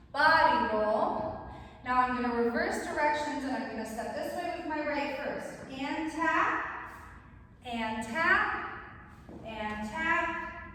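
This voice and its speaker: A young woman teaching a dance routine, counting beats in rhythm and explaining the steps. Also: sits high. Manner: calls counts loudly over music. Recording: roomy echo, distant mic, faint noise.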